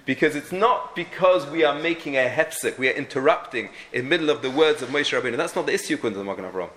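A man's voice: medium pitch, expressive, fast, a bit bright. A man teaching a halachic lesson, thinking aloud with frequent restarts and many Hebrew and Yiddish terms. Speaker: Torah teacher.

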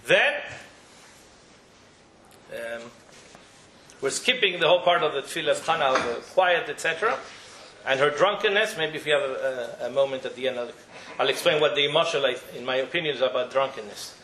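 A man teaching a religious study class, telling the story in an animated way and often restarting his sentences. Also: medium pitch, normal speed, pauses often, roomy sound, rough recording.

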